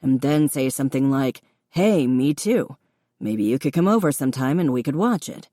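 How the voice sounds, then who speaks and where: A woman's voice: extremely low pitch, lively intonation, moderate pace, dry recording, studio quality. Woman voicing a patient young man teaching cooking. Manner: patient, encouraging, gently instructive.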